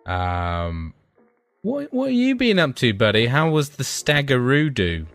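A man with young kids, co-hosting a casual podcast, telling stories in a sweary, excitable way. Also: mid-range voice, measured pace, soft background music. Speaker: podcast co-host. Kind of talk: casual banter.

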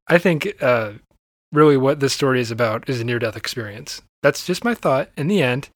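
A man hosting a podcast in laid-back conversation, thoughtful and quick to laugh. The recording is dry and close, with no room sound. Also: mid-range voice, no echo. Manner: relaxed, thoughtful, laughs often. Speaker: podcast co-host. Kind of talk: casual chat.

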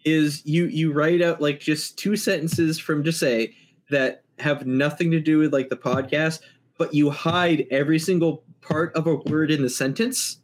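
Playful man pitching jokey ideas. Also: fairly even intonation, slight background noise. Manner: playful, quick joking suggestions. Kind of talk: casual podcast chat.

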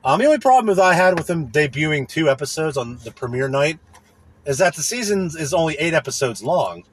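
Man, podcast host, casual profane rant, rambling, pitch swinging a lot, fairly high voice. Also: very animated, a little fast, husky. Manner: profane, rambling, irritated complaining; keeps asking "you know what I mean".

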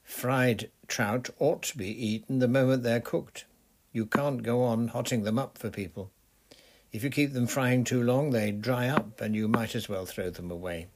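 A man narrating a children's adventure novel in a steady, measured storytelling voice. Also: medium pitch. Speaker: audiobook narrator. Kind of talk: scripted narration.

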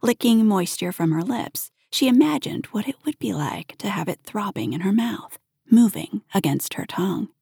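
A woman narrating an erotic audio story in a soft, intimate voice that often drops to a half-whisper. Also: mid-range voice, lively intonation, normal speed, gravelly, breathy edge, dry recording, clean studio sound.

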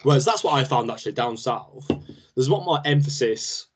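A man's voice: mid-range voice, animated, a little fast, slight background noise. A young man, co-hosting a casual chat and rambling with plenty of fillers.

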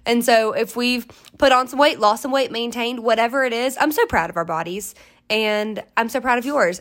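A woman's voice: mid-range voice, fairly bright tone. Chatty woman in her twenties. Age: 20s. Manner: chatty, rambling, self-interrupting; upbeat, encouraging, gushing. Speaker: podcast host. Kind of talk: casual solo chat.

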